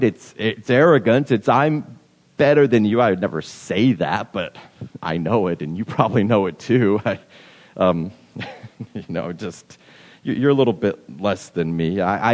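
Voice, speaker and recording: A man giving a casual, conversational sermon as pastor, with many halting restarts. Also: fairly low pitch, lively intonation, darkish tone. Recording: long hall reverb.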